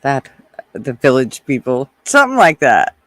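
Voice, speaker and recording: A man's voice: medium pitch, huge pitch swings, normal speed, fairly bright tone, no echo. A man hosting a casual livestream, chatting with viewers in a rowdy, profane way, laughing often and swearing freely. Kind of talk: casual live chat. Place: indoors, hot weather, near an RV.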